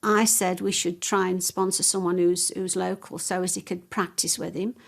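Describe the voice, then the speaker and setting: Woman interviewee, monotone, creaky. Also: lowish voice, normal speed. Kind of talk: casual reminiscing interview.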